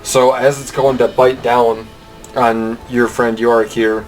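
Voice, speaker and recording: A man's voice: medium pitch, unhurried, over music, rough recording. Laid-back male game master. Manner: relaxed, laughs often while describing action. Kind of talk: narrating a tabletop game.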